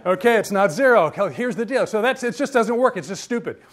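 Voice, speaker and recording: A man's voice: high-pitched, quick pace. A man giving a humorous university lecture, joking and quizzing his audience. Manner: lively and joking, asks the audience questions.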